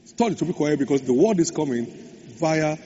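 A man's voice: on the high side, lively intonation, warm tone, slightly rough. Preaching man in an echoey hall. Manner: emphatic, repeats key phrases, slows for stress. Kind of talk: sermon. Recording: echoey hall, dull lo-fi sound, faint hum.

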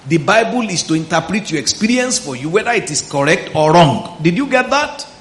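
A man's voice: sits high, big pitch swings, fairly quick, roomy sound. A man preaching a Bible teaching sermon, often questioning the congregation and drawing out words for emphasis. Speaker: pastor.

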